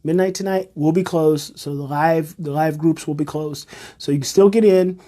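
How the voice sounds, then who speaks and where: A man who instructs parents talks emphatically on a live stream, restating his core phrases and rhetorical questions. His pitch leans high, his tone is dark, and his intonation stays fairly even at a normal speed.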